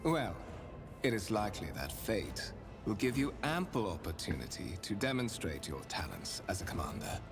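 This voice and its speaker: An actor playing a courtly, calculating male spymaster in a video game, speaking with formal, measured and faintly menacing courtesy. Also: fairly low pitch, big pitch swings. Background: game music.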